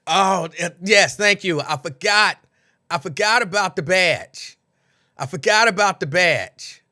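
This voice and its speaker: With a high-sitting voice and an unhurried pace, a man hosts a late-night livestream in a casual, chatty way. He keeps repeating lines, bursts into laughter, and does impressions of people.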